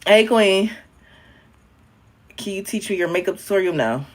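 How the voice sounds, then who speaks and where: A young man who creates social media content chats casually on a livestream, frank and profane, speaking directly to viewers and calling them honey, babe and queen. He's expressive and quick, his voice jumping up and down in pitch and loudness.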